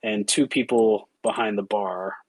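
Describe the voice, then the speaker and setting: A man's voice: fairly low pitch, steady tone, no echo, low-quality recording. Dry-voiced man running a tabletop game. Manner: casual, halting narration with many fillers. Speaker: game master.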